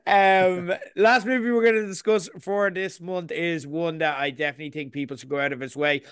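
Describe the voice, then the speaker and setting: A man's voice: fairly high pitch, steady tone, a little fast, a bit bright, smooth, no room sound, clean studio sound. A young man co-hosting a film podcast, talking through a review with enthusiasm and detail. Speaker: podcast co-host. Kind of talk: casual film review chat.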